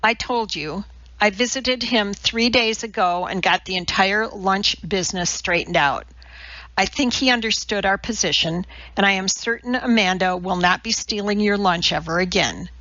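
A woman's voice: medium pitch, normal speed, sharp tone, dry recording, highs cut off, lightly acted. A woman reading the part of a tense, precise mother who speaks in a clipped, sardonic way. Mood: firm.

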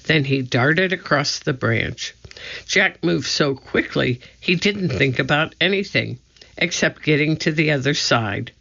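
A slow, expressive narrator reading a children's storybook in a measured way. The pitch moves widely, the tone is bright with a gravelly edge, and the recording sounds dull and lo-fi.

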